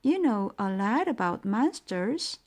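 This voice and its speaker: A woman voicing an excited young girl who shouts a lot, reading a storybook aloud. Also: medium pitch. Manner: excited, loud, quick to shout. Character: young girl hiding a pet monster.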